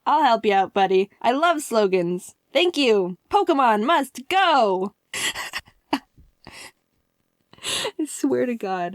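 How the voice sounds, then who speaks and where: A young adult woman narrating a comedic storytime in an animated, playful, jokey way. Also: sits high, dry recording, clean studio sound.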